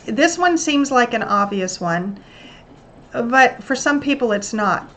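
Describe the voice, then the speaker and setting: Brief: woman host, self-help tips, earnest coaching delivery, somewhat high voice. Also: lively intonation, takes it slowly, fairly bright tone. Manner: earnest, coaching tone with acted-out examples. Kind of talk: motivational self-help talk.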